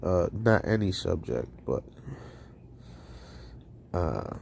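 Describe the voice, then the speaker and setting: A man's voice: low voice, animated, very slow, vocal fry, a little mellow, slight background noise. A man hosting a call-in livestream, rambling casually with profanity and frequent laughter. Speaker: call-in show host.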